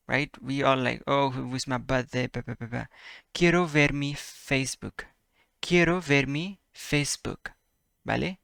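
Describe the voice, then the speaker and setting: A man teaching a casual language lesson, repeating example words slowly and checking in with "right?" and "perfect" after each phrase. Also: medium pitch, gravelly, pushed and bright, dry recording, studio quality. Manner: slow, careful repetition of example words.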